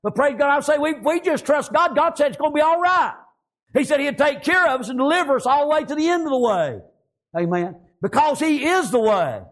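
A man's voice: extremely high pitch, expressive, brisk, a bit bright. A man preaching a fervent sermon, peppering his speech with amens and praise Gods.

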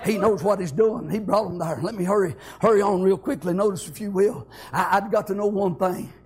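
Husky, high-voiced preacher man. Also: brisk. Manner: rises from storytelling to shouted, impassioned preaching. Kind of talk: fervent sermon with personal stories.

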